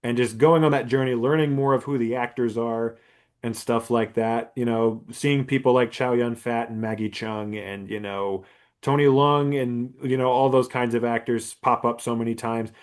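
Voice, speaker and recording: A male podcast co-host chatting loosely about movies. He keeps circling back with fillers as he gathers his thoughts. His pitch sits squarely in the middle for a man. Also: steady tone, moderate pace, smooth. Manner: rambling, lots of "you know" fillers. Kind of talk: casual film discussion. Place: podcast studio.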